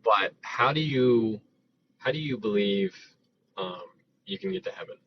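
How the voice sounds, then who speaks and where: A man's voice: medium pitch, sing-song, measured pace. A man interviewing, easing into his questions hesitantly with fillers. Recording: distant, dull mic with faint noise.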